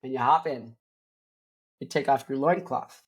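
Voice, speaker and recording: A woman's voice: very deep voice, a little slow. A woman podcast host telling a rambling, absurd comic story, often stopping to correct herself and drift onto side points. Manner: tangential, self-correcting, jokey absurd riffing.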